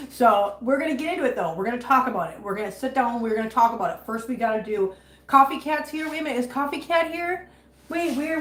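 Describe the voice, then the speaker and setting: A woman's voice: fairly high pitch, roomy sound. A woman hosting a casual livestream from her home kitchen while she cleans, chatty and emphatic, upset and holding back tears. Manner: chatty, emphatic, repeats herself when upset. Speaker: cat channel livestream host.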